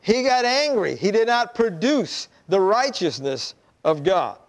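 With a high-sitting voice and a measured pace, this pastor preaches a sermon, narrating a story vividly and voicing the people in it.

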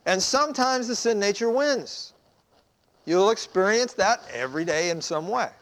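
A man's voice: high-pitched, animated, normal speed, a bit bright. A man, a pastor, preaching a sermon in a conversational way, asking rhetorical questions.

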